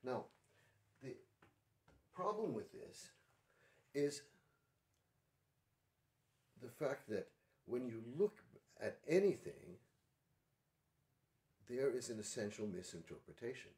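A man hosting a livestream, talking in a thoughtful, halting way with many pauses and restarts. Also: medium pitch, big pitch swings, darkish tone, roomy sound. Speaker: livestream host. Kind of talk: casual spoken commentary.

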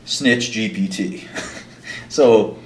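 A man's voice: on the low side, drawn-out words, a little hiss or hum. A man hosting a casual livestream, rambling through stories with lots of filler words. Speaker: livestream host. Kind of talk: casual storytelling chat. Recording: echoey room.

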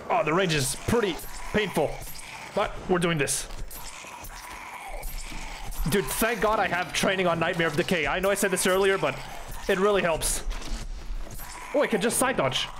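A young man giving excited, swearing commentary on his own gameplay, talking to himself and taunting enemies. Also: high-pitched, moderate pace, long pauses, noisy background. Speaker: gaming streamer.

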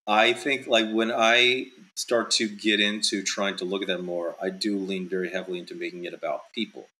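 A man's voice: sits low, little pitch movement, normal speed, sharp tone, low-quality recording. A male author being interviewed in casual chat, talking in loose, rambling sentences full of "like" and "um". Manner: rambling, heavy with fillers like "like" and "um".

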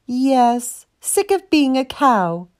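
A stubborn storybook cow who longs for grand things, whining and pleading with lively, swooping pitch, as a woman reading aloud puts her on. The voice sits high and moves slowly. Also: heavily acted. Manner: whiny, dramatic. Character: stubborn dreamy female cow.

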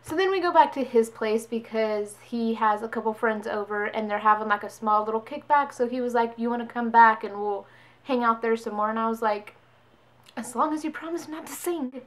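A young woman talks straight to her viewers in a loose, chatty storytime voice. Her pitch sits a little high, and she jumps into quick impressions of the people in her story. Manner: chatty, animated quoting of others. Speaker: vlogger. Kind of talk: casual storytime.

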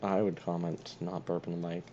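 A man's voice: low-pitched, level tone, a little fast, mellow, lo-fi sound, a little hiss or hum. A young man gaming and chatting casually, with dry sarcastic banter. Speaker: gamer.

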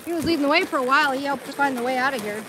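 A woman's voice: high voice, rapid-fire, background noise. A woman live-streaming on her phone while riding a horse on a trail outdoors, chatting casually and coaxing her dog along in a sing-song voice.

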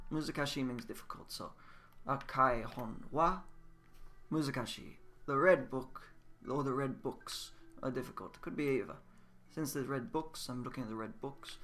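A man giving a casual, patient Japanese lesson, repeating words and drilling them slowly. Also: mid-range voice, sharp tone. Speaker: Japanese language teacher. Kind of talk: casual spoken language lesson. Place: indoors at a computer, game voice chat.

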